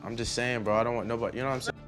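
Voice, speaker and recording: A man's voice: medium pitch, fairly even intonation, racing, music in the background. A man hosting a reality show, talking bluntly in slang in an argument with cast members. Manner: blunt, slangy, keeps saying bro. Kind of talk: arguing in a reality show clip.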